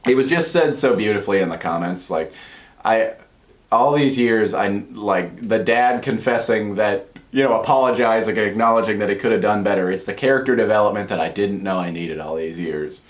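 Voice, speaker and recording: A man talking casually to camera about comedy sketches he loves, earnest and rambling, going soft and quiet in emotional moments. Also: lowish voice, moderate pace. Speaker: YouTuber. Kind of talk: casual commentary vlog.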